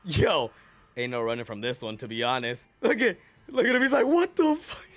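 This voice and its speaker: A man reacting to an anime episode with hyped, slangy commentary that often breaks into shouts. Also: medium pitch, big pitch swings, a little fast.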